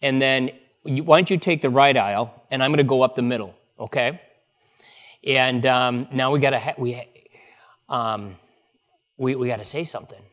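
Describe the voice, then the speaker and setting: A man's voice: mid-range voice, normal speed, pauses often, fairly bright tone. A male pastor leading a prayer and then an upbeat, playful children's message at a church service. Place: church sanctuary.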